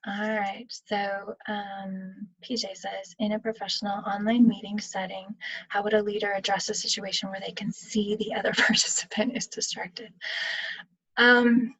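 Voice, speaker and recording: A woman leads a live webinar over a video call, answering audience questions in a relaxed, conversational way. Her voice is a touch husky and sits at a middling pitch. The sound is dry, with no room echo. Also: normal speed. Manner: conversational, explaining with acted-out examples. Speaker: webinar presenter on leadership. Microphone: computer mic on video call.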